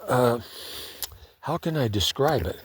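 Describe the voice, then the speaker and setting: A man's voice: medium pitch, animated, slow, slightly rough. A man telling a story in a laid-back, conversational way, often saying "man". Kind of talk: casual spoken storytelling.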